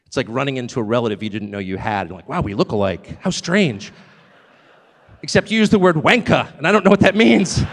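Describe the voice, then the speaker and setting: A man's voice: medium pitch, fast, few pauses, fairly bright tone, long reverb tail. A man giving a live stage speech, emphatic and joking, often drifting off on digressions. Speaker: guest speaker at a live event.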